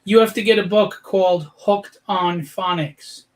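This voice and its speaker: Male co-host, high voice, teasing, casual banter. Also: steady tone, measured pace. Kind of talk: casual livestream chat.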